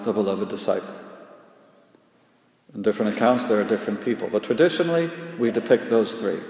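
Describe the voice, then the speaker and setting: A preacher with a low, gravelly voice delivers his sermon in an unhurried, measured rhythm, piling phrase on phrase between long dramatic pauses. He often drops to a hushed, intense murmur, and his words echo through a large hall with long, trailing reverb.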